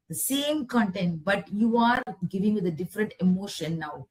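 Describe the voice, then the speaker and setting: A woman leading a guided healing meditation over a video call, speaking slowly and gently in repeated affirmations. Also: medium pitch, expressive, rough recording. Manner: slow, gentle, repetitive affirmations. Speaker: healer leading a guided session.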